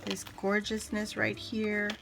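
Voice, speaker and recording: A woman vlogger talking straight to her viewers in a gushing, effusive way, full of little laughs and delighted exclamations. Her voice sits at an ordinary middle pitch, with faint music playing underneath. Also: monotone, slow, creaky. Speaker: craft vlogger opening gifts. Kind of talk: casual unboxing chat to camera.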